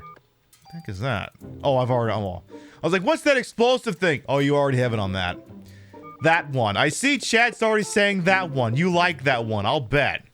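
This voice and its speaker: A man hosting a live stream, chatting casually and rambling while he plays a game. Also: medium pitch. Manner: rambling, animated, drops into quick impressions. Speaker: streamer host.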